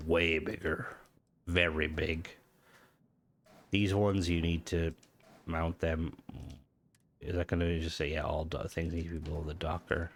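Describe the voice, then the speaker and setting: A man with a stuffy, nasal voice from hay fever. He gives casual game commentary and thinks out loud, often restarting his sentences. His voice sits on the low side. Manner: rambling, thinking aloud with restarts. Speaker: gaming video host.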